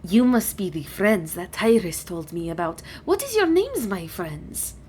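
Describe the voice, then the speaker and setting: A woman voicing an ancient female dragon who is stately, measured and gently teasing. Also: mid-range voice, sing-song, slight background noise.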